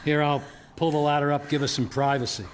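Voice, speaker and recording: A dry, hardboiled shopkeeper, as an actor plays him in a radio sitcom, his voice a touch high for a man. He leans into mock film-noir toughness with deadpan timing. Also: fast, noisy background, natural voice. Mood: wry. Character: grown man, hardboiled shop owner and father.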